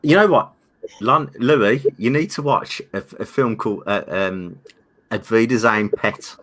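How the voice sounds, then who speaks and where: A man with a Birmingham accent, hosting a casual live stream chat, animated and repeating his words. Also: fairly low pitch, measured pace. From Birmingham, England. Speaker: channel host.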